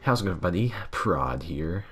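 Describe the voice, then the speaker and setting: A man doing a casual impression of a laid-back male gaming YouTuber, with a slow, drawn-out friendly greeting. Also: low voice, animated, fairly bright tone, slightly rough, heavily acted.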